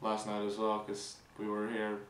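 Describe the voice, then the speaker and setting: A young man vlogging a casual weekend recap, rambling with fillers and restarts, excited. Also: lowish voice, normal speed, reverberant, recorded from a distance, slight background noise, low-quality recording.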